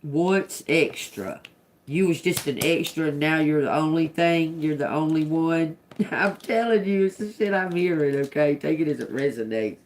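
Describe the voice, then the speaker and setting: At normal speed and with a low voice, a tarot reader on a live stream sounds out single words as she thinks them over, then drops into chatty, profanity-laced asides with laughter. A little hiss or hum runs under the recording.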